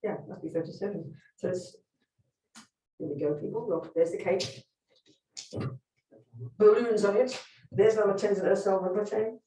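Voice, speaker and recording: A woman's voice: mid-range voice, normal speed, long pauses, warm tone, distant mic. A Buddhist nun teaching a live workshop, speaking bluntly and emphatically and putting direct questions to her listeners. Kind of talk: teaching talk to a live group. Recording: roomy hall, speaker away from the mic.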